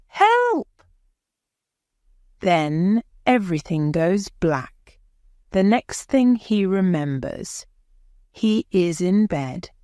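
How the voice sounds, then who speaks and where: Woman narrator, graded story reading, very slow pace, crisp dry sound. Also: lowish voice, no echo. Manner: slow, even, carefully pronounced reading.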